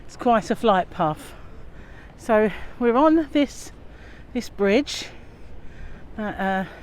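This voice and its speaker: This English vlogger's voice is on the high side and animated, yet she talks very slowly. Phone in hand and a bit breathless on a windy river bridge, she chats and rambles with plenty of fillers while wind and aircraft pass.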